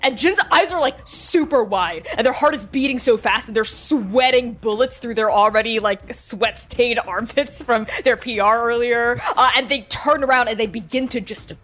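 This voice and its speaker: A woman's voice: fairly high pitch, normal speed, few pauses, fairly bright tone. A woman playing a tabletop game, describing her character expressively and laughing between lines. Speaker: player.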